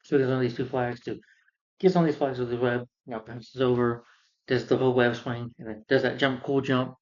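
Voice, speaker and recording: A man's voice: mid-range voice, steady tone, brisk. Man recapping a film, muffled audio. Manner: rambling, with fillers. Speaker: film reviewer.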